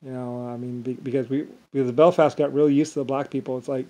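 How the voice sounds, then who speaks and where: Speaking fast in a medium-pitched, level, dark voice, a man rambles through a monologue, repeatedly restarting sentences and using filler words again and again.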